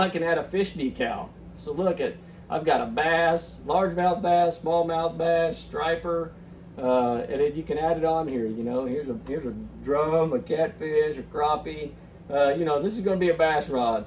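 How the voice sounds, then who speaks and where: A man's voice: fairly high pitch, a little mellow, distant mic, a little hiss or hum, poor audio. A young man hosting a fishing channel, chatting upbeat through a walkthrough with lots of ums and uhs. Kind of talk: casual screen walkthrough.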